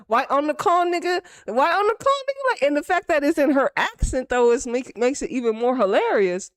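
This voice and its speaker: A woman giving casual, profane football reaction commentary in rapid, animated banter. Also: high-pitched, no echo, studio quality.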